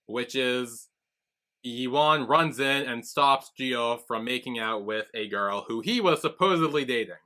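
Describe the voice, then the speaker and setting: A man's voice: medium pitch, unhurried. A man co-hosting a podcast, casually recapping episodes and acting out the characters' lines as he goes. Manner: animated retelling with quoted voices. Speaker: podcast co-host.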